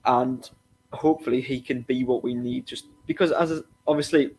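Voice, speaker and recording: A man's voice: medium pitch, fairly even intonation, moderate pace, a little mellow, breathy edge. Hedging man chatting about football. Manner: hedging, repeats himself, many restarts. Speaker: podcast co-host. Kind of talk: casual football podcast chat.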